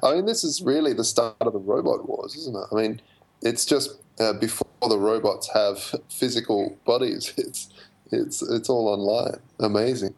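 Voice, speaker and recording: A male radio guest chatting casually, a lively storyteller who laughs often and uses many fillers. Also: medium pitch, normal speed, creaky, low-quality recording. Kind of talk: casual chat, anecdote. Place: in Berlin.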